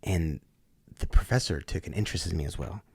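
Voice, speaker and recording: A man's voice: sits low, a little fast, creaky, darkish tone, breathy edge, no echo. A man, a podcast guest, telling a story in a loose, slangy way and acting out the voices of the people in it. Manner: acts out voices in his stories, loose and slangy. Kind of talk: animated storytelling.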